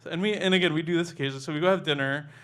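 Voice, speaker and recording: Man telling a memoir story, fairly high. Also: very fast, a bit bright. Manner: casual, conversational, with frequent "like" and restarts.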